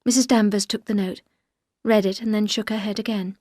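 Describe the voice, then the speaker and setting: A woman reading a story aloud for English learners in a clear, steady, careful way. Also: medium pitch, a little fast, dry recording, studio quality. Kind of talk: scripted story narration for learners.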